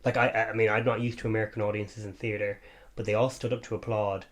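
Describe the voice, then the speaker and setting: A man's voice: fairly low pitch, flat delivery, quick pace. Chatty, gossipy male podcast co-host. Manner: chatty, gossipy, laughs often. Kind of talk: casual chat.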